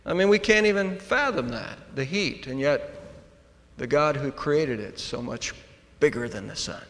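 A fairly high-pitched man preaches in a church sanctuary, his voice trailing off in a long hall reverb. He talks with force, dropping to hushed tones, then rising to loud, emphatic declarations. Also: animated, normal speed. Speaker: pastor. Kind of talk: sermon.

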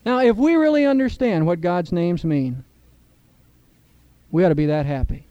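A man's voice: sits high, expressive, moderate pace, dark tone, clean tone, no echo, muffled recording. A middle-aged man preaching a sermon in church, earnest, with a rising emphasis on key points. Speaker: pastor.

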